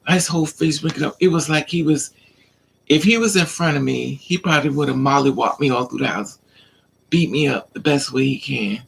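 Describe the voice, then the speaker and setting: A woman's voice: low-pitched, fairly quick, vocal fry, breathy edge. A woman vlogger telling a personal story in a casual rant, animatedly acting out both sides of an argument.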